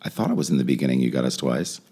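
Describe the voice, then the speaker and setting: A man's voice: very deep voice, animated, rapid-fire, dark tone, breathy edge. A man joking around in a casual chat with friends, wry and teasing.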